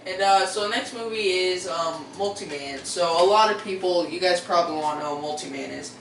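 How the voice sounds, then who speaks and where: A man's voice: sits high, fairly quick, creaky, fairly bright tone, recorded from a distance. A teenage boy hosting a casual vlog, rambling and hesitant, full of fillers and restarts. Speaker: video host. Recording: roomy echo, voice away from the mic, faint background noise.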